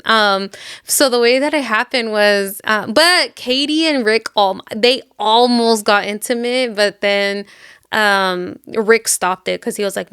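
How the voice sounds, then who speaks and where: A woman's voice: fairly high pitch, unhurried, a bit bright, clear, resonant tone, dry recording, studio quality. A woman podcast host casually retelling a book plot in a rambling way, with lots of filler words. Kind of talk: casual chat.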